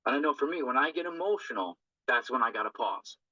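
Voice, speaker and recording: Earnest man with a bright, lo-fi voice. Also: medium pitch, animated, quick pace, no room sound. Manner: earnest, rambling, tag questions. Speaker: recovery group speaker. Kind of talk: informal talk on a recovery text. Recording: dull lo-fi dry recording.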